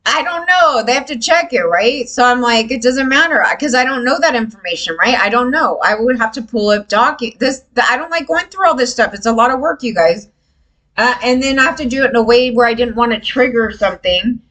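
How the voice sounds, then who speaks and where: A woman vlogger ranting casually to camera, frustrated and animated, swearing freely and mimicking others. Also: a little high, a little fast, rough recording.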